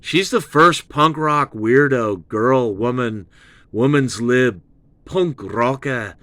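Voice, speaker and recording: A man hosting a rambling album review show, excitable and profane, slipping into British slang. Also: mid-range voice, slow, no echo. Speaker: host of a music commentary show.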